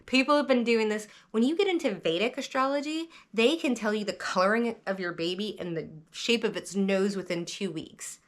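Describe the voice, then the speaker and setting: A woman from the American South who reads tarot, talking to camera in a rambling, animated vlog monologue, often cutting herself off mid-sentence. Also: mid-range voice, normal speed, hardly any pauses. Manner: rambling, animated, self-interrupting. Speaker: tarot reader vlogger.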